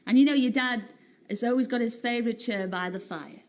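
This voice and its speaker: A woman in her late thirties from Liverpool, speaking with a Liverpool accent as a talk-show guest, telling stories in a chatty, animated way and laughing often. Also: on the high side, fairly quick. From Liverpool, England. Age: 30s. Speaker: singer and TV entertainer, guest. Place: TV studio.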